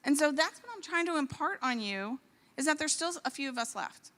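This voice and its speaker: A woman in her forties speaks as a physician in a large church hall. Her voice sits a little high and bright, and it rings out with long reverb. She talks with mounting indignation and builds to sharp exclamations. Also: a little fast. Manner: animated, indignant, rising to exclamations. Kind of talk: impassioned church talk.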